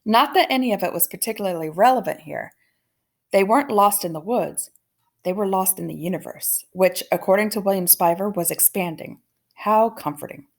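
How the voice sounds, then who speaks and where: A woman reading a children's novel aloud in a gentle, measured storytelling manner. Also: medium pitch, vocal fry.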